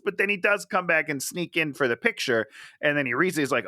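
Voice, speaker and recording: A man's voice: a little high, brisk, sharp tone, no room sound, studio quality. A man co-hosting a podcast in casual chat, mocking and swearing, laughing often. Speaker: podcast co-host.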